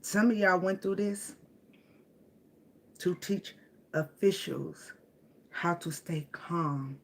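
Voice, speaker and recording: A woman's voice: fairly low pitch, takes it slowly. A woman with giving a casual tarot reading. She speaks with emotion, laughs often and repeats phrases. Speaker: tarot reader.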